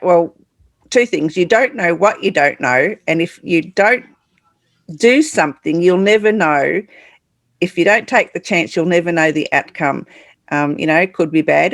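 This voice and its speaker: A man's voice: high voice, fairly bright tone, dry recording. A man hosting a casual conversation, who speaks hesitantly and restarts his sentences. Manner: hesitant, many fillers and restarts. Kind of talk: casual chat.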